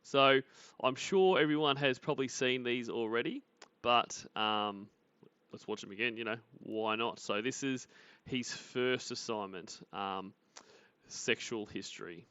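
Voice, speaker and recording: A man's voice: mid-range voice, a little slow, bright, forceful tone, smooth, dry recording, lo-fi sound. Chatty man, dry teasing. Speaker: livestream host. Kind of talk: casual chat greeting viewers.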